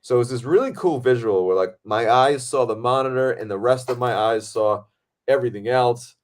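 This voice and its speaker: A man hosting a podcast, telling a set story in a casual, excitable way and swearing freely. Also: medium pitch, fairly quick. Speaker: podcast host and film director.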